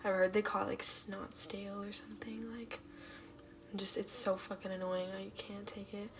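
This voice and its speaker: A woman's voice: mid-range voice, level tone, normal speed, a crowd in the background. A woman of twenty-one from California chatting casually on a livestream, reactive and full of fillers, sometimes dropping to a whisper.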